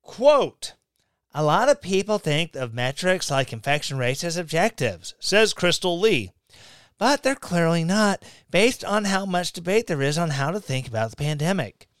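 Sarcastic high-voiced male podcast host. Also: expressive, normal speed, fairly bright tone, smooth, dry recording. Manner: sarcastic, reads articles aloud with mocking asides. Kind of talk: casual commentary.

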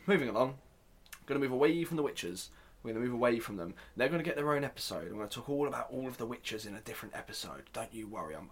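A man's voice: mid-range voice, a bit bright. A man hosting a casual solo podcast, chatty and self-deprecating, with joking asides. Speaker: podcast host.

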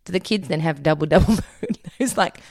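A woman's voice: lowish voice, lively intonation, fast, a little mellow, no room sound, clean studio sound. A woman hosting a podcast in casual chat, giggly and teasing. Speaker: podcast host.

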